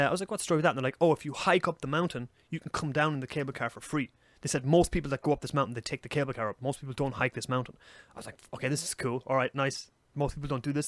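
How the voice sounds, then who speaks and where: A young Irish man co-hosting a podcast, telling a story in casual, animated chat and swearing freely. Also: medium pitch, dry recording. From Ireland. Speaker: podcast co-host.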